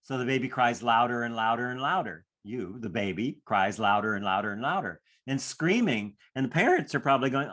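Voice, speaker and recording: A man leads a class on handling stress, his voice sitting at an ordinary middle pitch. He talks in a reflective way and slips into short acted inner voices to make his points. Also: expressive, normal speed, few pauses, a bit bright. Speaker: stress coach. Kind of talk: teaching a class.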